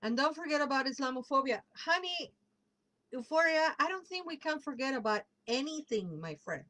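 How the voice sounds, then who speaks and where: A woman hosting a casual livestream, chatting warmly and reading out viewer comments as they come in. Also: sits high, expressive, moderate pace, rough recording. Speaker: livestream host and tarot reader.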